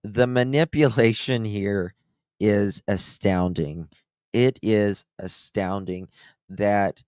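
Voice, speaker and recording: A man hosts a reaction commentary show, his tone sarcastic and incredulous. He talks at an unhurried pace with a lowish voice. The sound is dry, with no room echo. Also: a little mellow, smooth. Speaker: commentary channel host.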